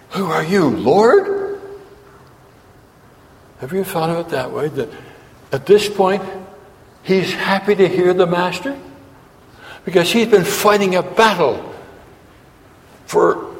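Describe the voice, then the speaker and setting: A man preaching a sermon, asking his listeners questions and acting out quotes as he goes. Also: a little high. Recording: long hall reverb.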